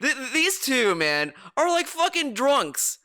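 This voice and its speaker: A man's voice: extremely high pitch, sing-song, measured pace, sharp tone, no echo, clean studio sound. A man giving mocking reaction commentary on a clip, swearing and breaking into exaggerated impressions. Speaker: commentary streamer.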